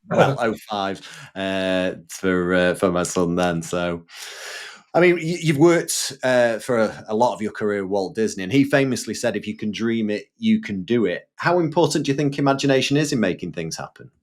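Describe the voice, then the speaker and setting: A man with a low-pitched voice hosts a podcast interview. He talks in a relaxed, reflective way and then puts a question to his guest. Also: moderate pace. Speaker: podcast host.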